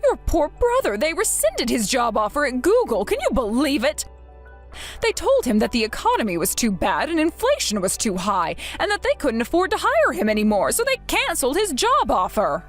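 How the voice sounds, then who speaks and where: A woman's voice: high-pitched, wildly swooping pitch, moderate pace, soft background music, voice pushed up. A woman doing a whiny, begging older mother. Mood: lamenting. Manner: pleading, self-pitying, dramatic. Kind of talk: text-story voice acting.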